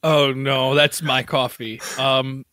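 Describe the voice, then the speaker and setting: A man's voice: medium pitch, flat delivery, takes it slowly, background noise. A man in an improvised comedy sketch, playing a flustered homeowner who stammers through a pile of surprise deliveries.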